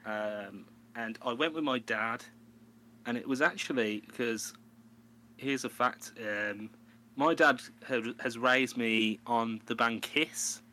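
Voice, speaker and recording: A man's voice: mid-range voice, slow, slight background noise. A young man co-hosting a podcast, telling stories with lots of laughter in casual chat. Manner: animated storyteller, laughs often, breaks into a put-on New York voice. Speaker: podcast co-host.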